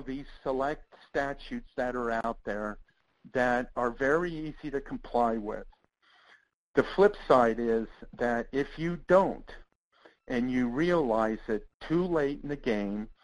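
A man presenting as a webinar instructor, speaking in a measured, earnest way with a dry wit. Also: medium pitch, rough recording.

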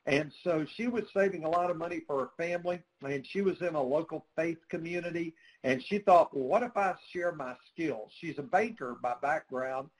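A man with a slightly higher-than-average voice answers interview questions as a nonprofit spokesperson. He speaks earnestly and tells stories, with lots of "uh" fillers and small restarts. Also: brisk, hardly any pauses, rough recording. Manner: earnest, storytelling, frequent "uh" fillers.

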